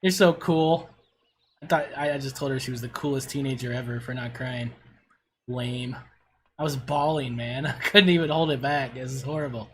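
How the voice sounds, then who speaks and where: A man's voice: medium pitch, steady tone, a little fast, a little hiss or hum. A middle-aged man on a casual livestream, gushing and swearing as he reviews player builds.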